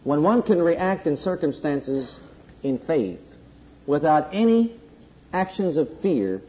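A man preaching a sermon, emphatic at times and then dropping to a soft, slow delivery, in a dull lo-fi recording. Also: on the high side, very animated. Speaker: pastor.

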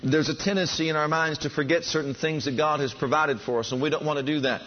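A man's voice: fairly high pitch, fairly even intonation, fast talker. A man preaching a sermon, fervent and building enthusiasm, calling on his listeners to respond. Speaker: pastor. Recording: dull lo-fi sound.

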